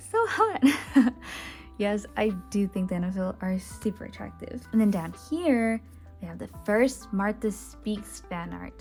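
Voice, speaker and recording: A woman's voice: mid-range voice, a little mellow. A woman casually narrating a tour of her sketchbook, chatty and rambling with many fillers and restarts. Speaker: artist showing her sketchbook. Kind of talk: casual voice-over commentary. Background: faint background music.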